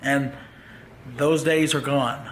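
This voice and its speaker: A grieving man talking to his viewers in a halting, heartfelt farewell vlog. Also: medium pitch, fairly even intonation, fairly bright tone, slight background noise. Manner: halting, grief-stricken. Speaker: vlogger.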